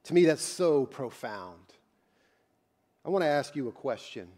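A man preaching a sermon, moving from quiet, conversational asides to loud, fervent passages, often repeating and restarting his words. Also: medium pitch, expressive, unhurried. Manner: preacher who swings from quiet intimate asides to loud shouted climaxes. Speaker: pastor.

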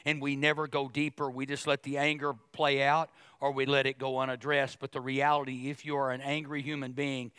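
A middle-aged male pastor preaching a sermon, animated and jokey, acting out other people's voices as he goes. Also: mid-range voice, fairly quick, few pauses, smooth, no echo, studio quality.

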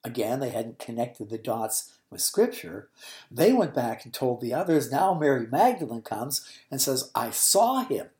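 A woman's voice: rumbling low, expressive, normal speed, dark tone. A woman giving expository Bible teaching, retelling the story expressively and explaining original-language words.

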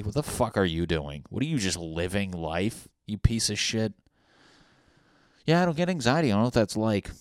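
This is a low-voiced young man hosting a podcast, heard in clean studio sound without any room noise. He rants casually and comically, rambling along, cursing, and mocking himself.

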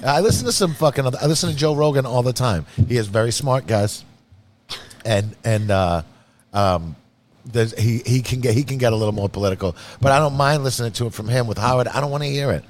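A man's voice: mid-range voice, fairly quick, a little hiss or hum. A man from Massachusetts with a Massachusetts accent, hosting a casual podcast chat in a rambling, profane, easygoing way. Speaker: podcast host.

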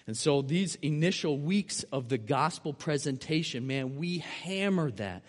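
A man with a high, light speaking voice preaches in a casual storytelling way. He hammers points home by repeating phrases. His voice rings with the long reverb of a church hall. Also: animated, measured pace, few pauses. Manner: emphatic, repeats key phrases. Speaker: missionary preacher. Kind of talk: sermon storytelling.

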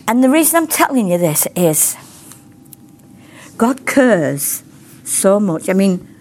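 A woman's voice: lowish voice, a little hiss or hum. A middle-aged woman, giving a rambling, heartfelt testimony and prayer to a ministry class. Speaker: ministry teacher.

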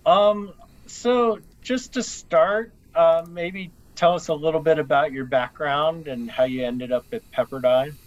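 A man hosting a podcast interview, asking questions in a halting, hesitant way. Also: fairly high pitch. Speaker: podcast host. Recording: dull lo-fi recording.

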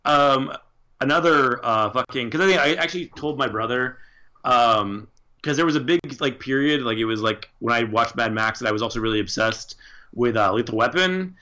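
A man's voice: mid-range voice, normal speed, pushed and bright. A man co-hosting a casual chat, talking enthusiastically and swearing freely. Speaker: podcast co-host.

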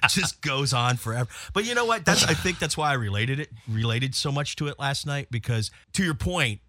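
A man co-hosting a podcast, chatting casually and jokingly in an animated way. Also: medium pitch, fairly quick, no echo, clean studio sound. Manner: animated, jokey, acts out quoted voices. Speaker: podcast co-host. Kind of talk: casual chat.

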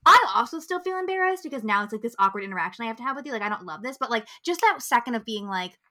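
A woman's voice: a little high, lively intonation, very fast, pushed and bright. A young woman co-hosting a podcast who chats casually and gushes with exuberant, profane enthusiasm. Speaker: podcast co-host. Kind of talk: casual chat.

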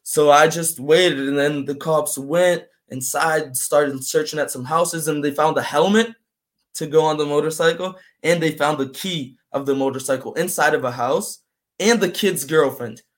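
A young man from Brazil, a native Portuguese speaker, telling his story in a casual interview, animated and full of "man" and "like". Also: fairly high pitch, normal speed. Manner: animated, acts out voices in quotes, fills with "man" and "like". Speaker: guest.

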